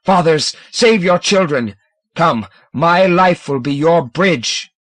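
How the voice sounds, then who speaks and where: A man's voice: a little high, animated, slow, a bit bright, no echo, studio quality, voice pushed up. A man voicing a zealous, commanding alien patriarch who thunders his proclamations. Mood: thundering.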